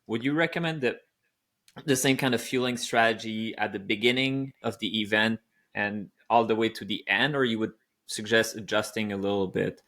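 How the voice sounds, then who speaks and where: A man's voice: lowish voice, moderate pace, a bit bright. A man hosting a podcast, reading out listener questions in a polite, slightly hesitant manner. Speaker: podcast host. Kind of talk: casual podcast chat.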